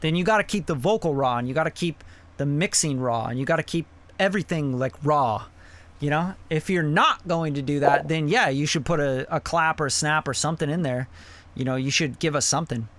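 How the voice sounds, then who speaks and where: A man's voice: a little high, brisk, a bit bright. A man hosting a live song review, giving blunt, profane mixing feedback in a casual, rambling way. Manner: blunt and profane, with many fillers like "you know".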